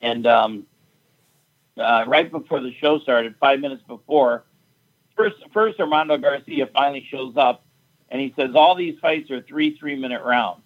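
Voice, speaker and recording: A man's voice: mid-range voice, a little slow, narrow, tinny audio. A man, a fight event promoter, telling a story in casual chat, blunt and profane as he recounts a quarrel.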